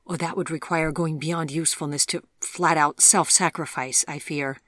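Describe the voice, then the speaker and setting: A man's voice: on the high side, steady tone, normal speed, sharp tone, dry recording, clean studio sound. A narrator voicing a charming, eager young man with a Sheffield accent, cheerful and teasing in an audiobook. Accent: Sheffield English.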